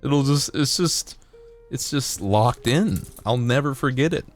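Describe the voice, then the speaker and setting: A man chatting on a livestream as he builds a model kit, rambling from one joke to the next and jumping into silly voices. His pitch moves a lot from line to line, and his throat sounds dry. Faint music plays under him. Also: expressive, unhurried. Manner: rambling, jokey, bursts into silly high voices and singing. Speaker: streamer.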